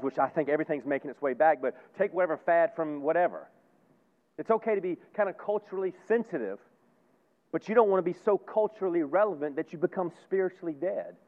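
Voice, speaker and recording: A man preaching a sermon as pastor, folksy and emphatic, repeating phrases and swinging between loud and hushed. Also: fairly high pitch. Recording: tinny phone-like sound.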